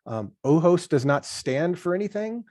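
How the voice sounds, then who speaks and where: A man being interviewed as a podcast guest, chatting in an animated way and acting out workplace conversations. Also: a little high, normal speed, no room sound, studio quality. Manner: animated, acts out workplace dialogue. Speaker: podcast guest, software founder.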